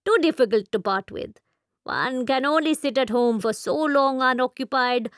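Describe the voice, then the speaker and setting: A woman's voice: sits high, normal speed, clean tone, no room sound, studio quality, close to an everyday voice. A woman voicing an elderly, genial shopkeeper who rambles in formal, old-fashioned phrasing, in an audiobook. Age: older. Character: elderly male Indian shopkeeper, wry and talkative. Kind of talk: audiobook character voice.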